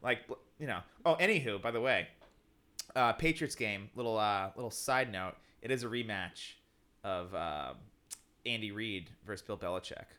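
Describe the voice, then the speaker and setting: A man in casual sports podcast chat, excitable, laughing often and saying "like" a lot. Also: fairly low pitch, moderate pace, clear, resonant tone. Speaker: podcast co-host.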